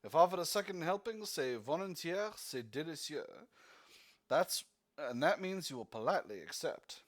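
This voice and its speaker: A man's voice: a little high, lively intonation, normal speed. A man voicing a charming, wealthy army lieutenant who speaks in a polished, helpful way. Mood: suggesting. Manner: polished, well-bred and helpful.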